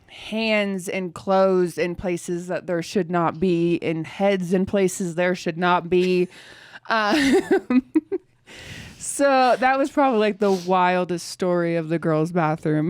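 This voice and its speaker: A woman's voice: lowish voice, slow pace, smooth. Young woman on a podcast, chatty and laughing, no room echo. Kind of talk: casual chat.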